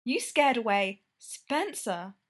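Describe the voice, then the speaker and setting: A woman reading a story aloud, voicing a shy, tender young woman who speaks slowly and hesitantly. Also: on the high side, sing-song, exaggerated voice.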